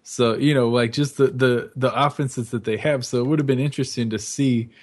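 A man's voice: medium pitch, fairly even intonation, a little mellow. A man co-hosting a sports radio show in casual chat, hesitant and full of fillers as he weighs his views. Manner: hesitant, filler-heavy, measured opinions. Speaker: radio co-host.

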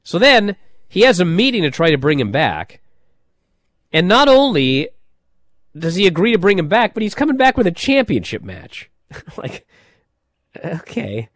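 A man hosting a casual wrestling chat, telling stories in an animated way with many fillers and restarts. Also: sits high, unhurried, long pauses, no echo. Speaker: wrestling podcast host.

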